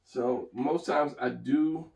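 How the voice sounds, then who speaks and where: A man's voice: mid-range voice, slow pace, gravelly, darkish tone, roomy sound, far from the mic, highs cut off. A man thinking aloud as he talks through his drawing, casual and rambling. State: tired, hiccuping and yawning. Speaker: artist narrating a drawing session.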